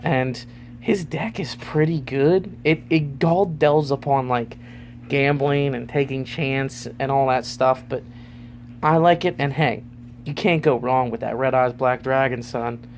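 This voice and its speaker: Male vlogger, gravelly, rambling and informal. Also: medium pitch, unhurried, a little hiss or hum. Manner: rambling, loose, lots of fillers. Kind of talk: casual vlog ranking.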